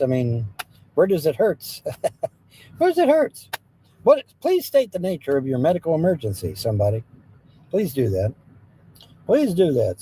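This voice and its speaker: Man, livestream host, casual chat with viewers, playful and joking, slightly high voice, mellow tone. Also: slight background noise, poor audio. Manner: joking, playful, drifts into sung snippets.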